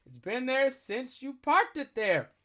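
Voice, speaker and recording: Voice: high voice, very animated, fairly bright tone, full character voice. The podcaster voicing a firm female official who gives blunt warnings. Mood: matter-of-fact. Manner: brisk, warning.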